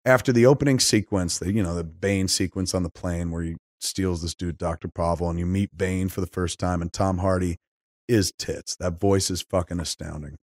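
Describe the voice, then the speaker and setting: A man's voice: low-pitched, fairly even intonation, normal speed, no room sound. A man hosting a podcast, recapping a film in a profane, rambling and enthusiastic way. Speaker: podcast host. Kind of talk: casual movie recap.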